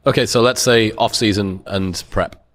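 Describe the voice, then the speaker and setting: A man hosting a podcast who asks reflective, measured questions. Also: lowish voice, steady tone, a bit bright. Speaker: podcast host. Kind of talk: interview questions.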